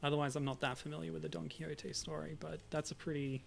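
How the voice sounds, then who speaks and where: A man's voice: fairly high pitch, flat delivery, fast, gravelly. A man streaming a game, chatting casually in a rambling, self-deprecating way. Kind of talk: casual let's-play chat.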